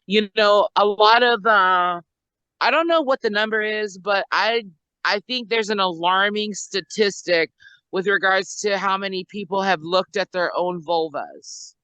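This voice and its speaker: Woman podcast host, easygoing and reflective, crisp bright tone. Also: mid-range voice, unhurried, no room sound, poor audio. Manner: reflective, easygoing, asks questions. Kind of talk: casual chat.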